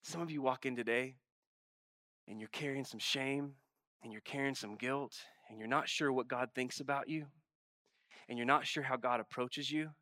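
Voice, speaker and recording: This man's voice is medium in pitch and moderately paced as he preaches like a pastor. His hushed, intimate asides swing into loud, emphatic exclamations, and he renders God's questions with pleading exasperation. The sound is clean studio audio without room sound.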